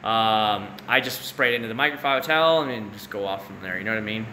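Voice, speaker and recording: A man's voice: fairly low pitch, fast talker, few pauses, pushed and bright. A man in his thirties, hosting a late-night livestream and chatting casually with his viewers. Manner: rambling, casual, chats with viewers by name. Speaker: livestream host. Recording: roomy echo with faint room noise.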